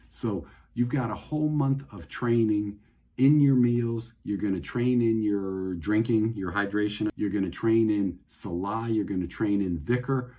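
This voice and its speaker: A middle-aged male host speaks in a low, slightly breathy voice. His talk is casual and rambling, and he restates his ideas over and over as he goes. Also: dark tone. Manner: rambling, conversational, repeats phrases for emphasis. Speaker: host and doctor. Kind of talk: casual talk on faith and health.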